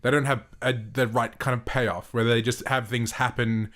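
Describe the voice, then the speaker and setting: A man's voice: medium pitch, level tone, normal speed, fairly bright tone. A man co-hosting a casual film review podcast, explaining his views thoughtfully with hesitant fillers. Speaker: podcast co-host.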